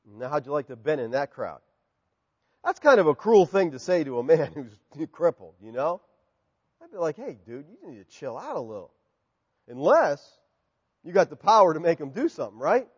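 Animated high-voiced male preacher. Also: moderate pace, slightly rough, big-room sound, dull audio. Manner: animated preaching, swings from loud to hushed. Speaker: pastor. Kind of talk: sermon.

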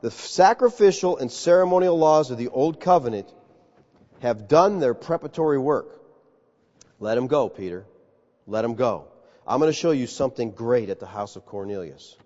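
A man preaching a sermon who voices God as a solemn male figure, dropping low and slow to give commands. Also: lively intonation, warm tone, lightly acted. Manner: low, slow, weighty pronouncements. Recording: reverberant hall, slightly dull sound.

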